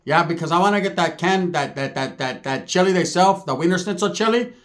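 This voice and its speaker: A man's voice: high-pitched, lively intonation, brisk, a bit bright. A man voicing a fussy, demanding middle-aged aunt who whines and insists. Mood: whiny insistent.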